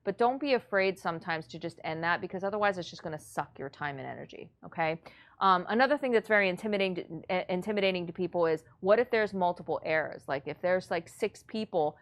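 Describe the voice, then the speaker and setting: A woman's voice: on the low side, lively intonation, fast talker. A woman teaching real estate investors in a blunt, matter-of-fact, motivational way. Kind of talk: coaching lesson.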